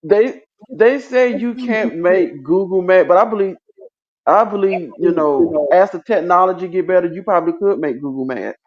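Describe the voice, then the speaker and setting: A man co-hosts a casual livestream chat, rambling and leaning on fillers as he talks. His voice sits high. The sound is dull and lo-fi. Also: moderate pace. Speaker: livestream co-host.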